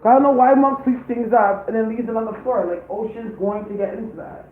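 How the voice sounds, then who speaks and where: A woman's voice: fairly high pitch, fairly even intonation, a little fast. A young woman and parent chatting casually in a home vlog, loose and profane, with lots of "like". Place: home kitchen. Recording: tinny phone-like sound in an echoey room.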